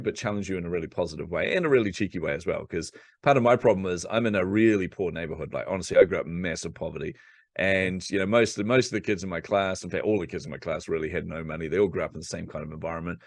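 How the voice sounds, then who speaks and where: A deep-voiced man from New Zealand, appearing as a podcast guest, tells a lively childhood story in a conversational style, acting out the voices of the people he quotes. The audio is dry and close-miked, with no echo.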